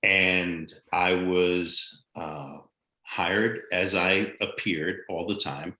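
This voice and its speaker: Older american guy telling showbiz stories, kinda low voice, swears a bit, echoey room. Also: drawn-out words. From United States. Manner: animated anecdotal storyteller, blunt and profane. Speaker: guest actor. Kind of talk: casual storytelling interview.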